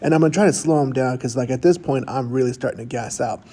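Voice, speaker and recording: A man's voice: mid-range voice, fast talker, mellow. A middle-aged man casually narrating his own jiu-jitsu roll in a voice-over, goofy and self-mocking, chatting through each move.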